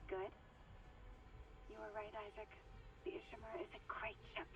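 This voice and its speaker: A woman's voice: medium pitch, completely flat delivery, moderate pace, a bit bright, natural voice. An actress voicing a young woman, a ship's medical officer, speaking affectionately in a recorded message. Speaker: game character in a recorded message. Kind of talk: video game voice acting. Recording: dull lo-fi game audio with hiss, distant.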